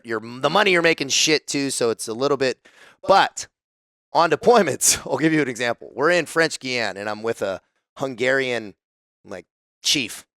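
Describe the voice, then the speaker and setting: A man from the United States, a podcast guest telling stories in a casual, profane, animated way. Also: medium pitch, dry recording, studio quality. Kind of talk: casual storytelling.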